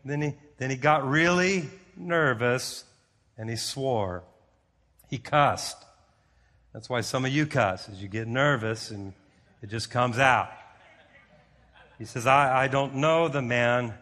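A male pastor preaching a sermon, telling the story in an animated way and repeating words as he goes. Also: mid-range voice, takes it slowly, long pauses, big-room sound.

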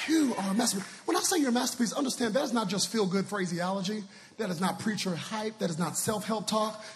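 A male guest preacher from Dallas, Texas, preaching an energetic sermon with shouted, sing-song lines and call-and-response in a church. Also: extremely high pitch, long reverb tail, background noise. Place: large church sanctuary.

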